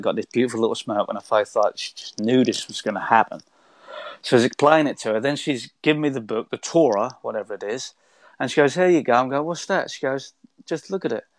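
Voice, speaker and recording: A man's voice: mid-range voice, dry recording. A man, a guest telling a long spiritual story in a rambling, conversational way with many restarts.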